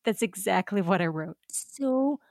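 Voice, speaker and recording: A woman co-hosting a casual podcast, expressive and quick to exclaim. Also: mid-range voice, vocal fry, no echo, studio quality. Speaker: podcast co-host. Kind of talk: casual chat.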